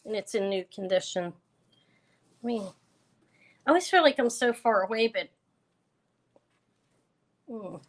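A woman's voice: mid-range voice, animated, a little slow, long pauses. A woman hosting a live online jewelry auction, chatting casually and rambling with fillers and self-corrections. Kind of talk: casual live-stream selling chat.

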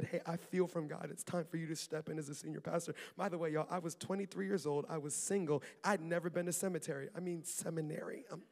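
A man preaching a sermon as pastor, lively and talkative, with asides to the congregation and laughter. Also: on the high side, creaky, in a large hall. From Maryland. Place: church auditorium.

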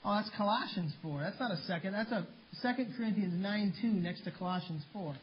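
A man's voice: high-pitched, a little fast. A man preaching a sermon as pastor, fervent and plain-spoken. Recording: dull lo-fi sermon recording with faint hiss.

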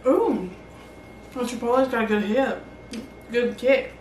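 A woman hosting a casual barbecue cooking vlog, chatty and excited as she cooks and tastes the food. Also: on the high side, moderate pace, echoey room, far from the mic, slight background noise, low-quality recording. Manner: excited, chatty, talks while tasting. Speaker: barbecue channel host.

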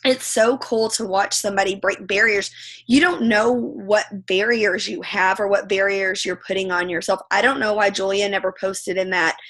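A woman leading her team on a video call, talking in an emphatic motivational way with lots of "like" and "right", her voice going hoarse from allergies. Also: medium pitch, fairly bright tone. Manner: emphatic, repeats phrases, says "like" and "right" often. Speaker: team leader.

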